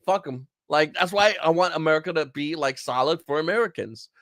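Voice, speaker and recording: A man's voice: fairly high pitch, fairly quick, a bit bright, dry recording. A man from Brooklyn, a podcast guest in a casual chat who talks bluntly and profanely and laughs between his points. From Brooklyn, New York.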